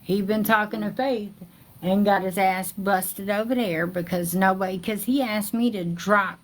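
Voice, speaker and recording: A woman's voice: mid-range voice, steady tone, a little slow. A woman hosting a live stream, hurriedly explaining herself and cutting in. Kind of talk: casual live stream chat.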